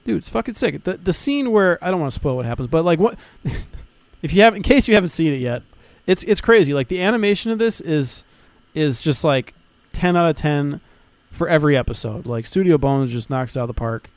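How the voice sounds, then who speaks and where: Young guy podcasting, kinda high voice, swears a lot, hypes stuff up, dry close mic. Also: a little fast, dry recording. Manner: excited, swears a lot, many restarts. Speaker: podcast co-host. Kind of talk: casual podcast chat.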